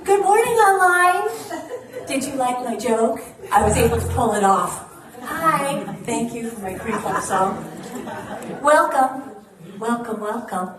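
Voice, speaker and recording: A woman's voice: on the high side, takes it slowly, crowd noise. A woman minister giving a chatty sermon and announcements in a bubbly, laughing way. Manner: bubbly, laughing, warm storyteller. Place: church hall. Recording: echoey hall, mic at a distance, faint ambience.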